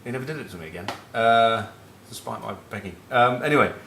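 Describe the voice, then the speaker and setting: Fast and lively, with vocal fry and a slightly bright medium-pitched voice, a middle-aged northern English man with a Northern English accent tells rugby anecdotes. The former captain's casual chat is cheeky and sweary match talk. The room echoes, with a little hiss or hum.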